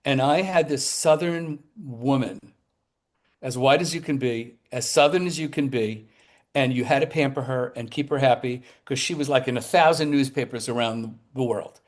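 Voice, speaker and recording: A man in his seventies, a talk show guest telling lively anecdotes, acting out the people in his stories as he goes, with some quick bursts and restarts. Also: mid-range voice. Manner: animated storyteller who acts out the people in his tales. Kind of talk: anecdotal storytelling.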